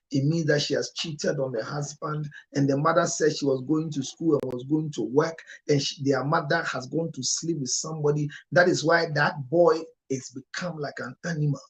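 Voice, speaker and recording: Male counselor, emotional monologue, sudden loud high outbursts, near tears. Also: steady tone, normal speed, hardly any pauses. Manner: emotional, with sharp rises in pitch and loudness. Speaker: marriage counselor.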